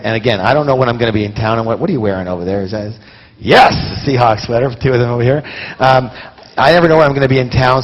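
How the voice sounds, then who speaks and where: A man telling stories to a live seminar audience in an animated way, talking straight to the listeners. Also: medium pitch. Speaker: seminar speaker. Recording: dull lo-fi recording.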